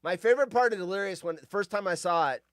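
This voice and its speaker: A man's voice: high voice, quick pace, no echo, studio quality. A man in his fifties from California, hosting a show and telling rambling, nostalgic stories full of tangents. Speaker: show host. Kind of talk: casual rambling monologue.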